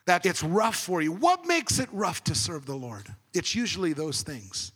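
High-voiced man preaching in a hall. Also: sing-song, moderate pace, slightly rough. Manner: conversational and emphatic, swings between loud and hushed. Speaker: pastor. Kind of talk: sermon.

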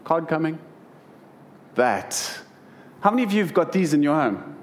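A man's voice: a little high, big pitch swings, measured pace. Man preaching a sermon. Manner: humorous, storytelling to a congregation.

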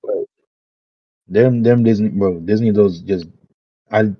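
A man's voice: lowish voice, unhurried, husky, dry recording. A man as a podcast guest in casual chat, laid-back and saying "bro" constantly. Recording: dull dry lo-fi sound.

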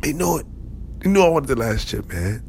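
A man's voice: medium pitch, sing-song, brisk, creaky, darkish tone, slight background noise, voice pushed up. A man voicing an indignant grown man who repeats his complaint in a rising whine. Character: indignant grown man fuming over lost chips.

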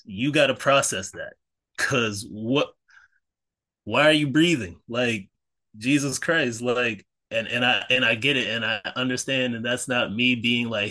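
A man's voice: mid-range voice, unhurried, pushed and bright. A man co-hosting a podcast in a casual, earnest way, encouraging listeners with faith-driven talk and many fillers and self-corrections. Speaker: podcast co-host.

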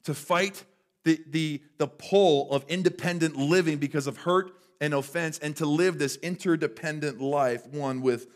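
A male pastor preaching a sermon in a church, conversational and animated, sometimes dropping to a hush for effect. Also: on the high side, a little slow. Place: church sanctuary.

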